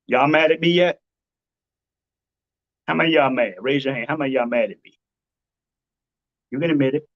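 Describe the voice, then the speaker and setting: A man's voice: mid-range voice, moderate pace, pauses often, muffled recording. A man hosting a live-stream advice talk, blunt and preachy, hammering his points by repeating them. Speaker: dating advice host.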